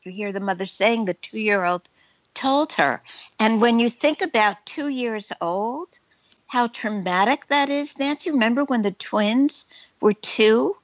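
A woman speaking as a guest on a news panel with an earnest tone. Her voice sits slightly high. The audio is dull and dry, as if from a remote link. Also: measured pace, dry recording.

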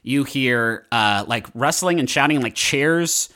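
A man's voice: mid-range voice, animated, slow pace, sharp tone, no echo, studio quality. Casual male game master. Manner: casual, filler-heavy narration. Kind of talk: narrating a tabletop game.

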